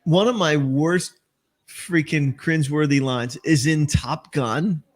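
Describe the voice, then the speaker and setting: A man's voice: on the high side, slow. A man hosting a casual podcast chat, telling movie-line stories with lots of swearing and laughter. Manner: swearing, laughing storyteller who acts out movie lines. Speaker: podcast host.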